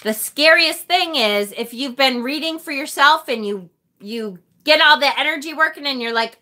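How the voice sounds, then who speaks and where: A woman's voice: high voice, expressive, moderate pace, bright, forceful tone. A woman hosting a live tarot stream, talking casually and animatedly with the occasional mild swear.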